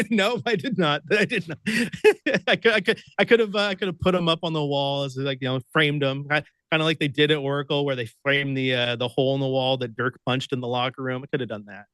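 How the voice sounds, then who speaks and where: A man's voice: medium pitch, brisk, smooth, no room sound. A man from Oregon, a radio producer and host, telling a story as a guest with lots of laughter and acted-out voices. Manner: excitable, laughs often, acts out voices in his stories. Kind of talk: animated storytelling.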